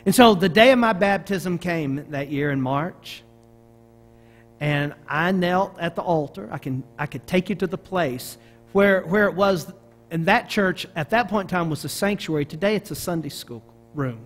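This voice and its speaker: His voice sits high and his pace is normal as this middle-aged Arkansas man preaches a sermon in a Southern American accent. As a pastor, he tells it in animated story form, frequently beginning sentences again.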